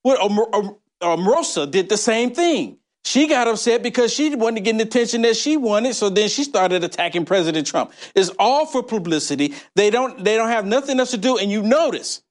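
Male talk-show host, high voice, animated delivery, trips on words. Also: brisk, hardly any pauses. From California. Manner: animated, stumbles over words. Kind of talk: political talk show discussion.

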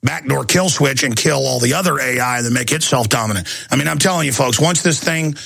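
A man's voice: medium pitch, a little fast, vocal fry, a bit bright, dry recording. A man hosting a talk radio show, delivering an intense, combative monologue.

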